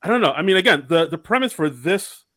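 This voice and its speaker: Podcast co-host, male, eager and upbeat, bright tone. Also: high-pitched, fast. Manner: enthusiastic, excitable. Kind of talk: casual chat.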